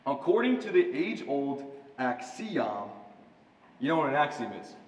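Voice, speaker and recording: A man's voice: mid-range voice, sing-song, a little slow. A young man in a school stage play playing a teasing game show host with a showy announcer delivery, recorded far off in an echoey auditorium. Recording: echoey hall, distant stage mic, faint noise.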